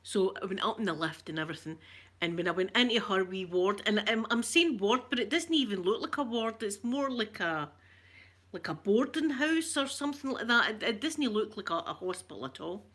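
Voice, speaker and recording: A woman's voice: medium pitch, lively intonation, fairly quick, fairly bright tone. A Scottish woman telling a rambling, emotional story in casual chat and greeting viewers as she goes. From Scotland. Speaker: vlogger talking to viewers.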